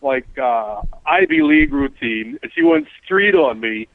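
A man's voice: mid-range voice, unhurried, dry recording. A man, a cab driver who is a regular on a talk show, telling a rambling story and acting out the voices in it. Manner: rambling, animated storyteller, acts out quoted voices. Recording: tinny phone-like line.

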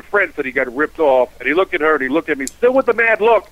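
New cab driver guy, talks fast, acts out the dialogue, dull dry radio sound. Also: on the high side. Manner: storytelling, animated, acts out dialogue. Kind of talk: casual radio chat.

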